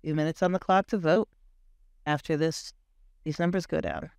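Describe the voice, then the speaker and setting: A man's voice: on the high side, fairly even intonation, normal speed, vocal fry, a little mellow, smooth, dry recording, studio quality. A man hosting a live stream, chatting casually and playfully calling out countdowns. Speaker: stream host.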